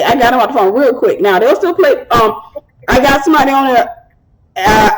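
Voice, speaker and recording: Animated woman giving preachy advice. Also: high voice, a little fast, crowd noise, low-quality recording. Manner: animated storytelling, acts out quoted voices. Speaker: host and ministry speaker. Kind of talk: preaching-style advice talk.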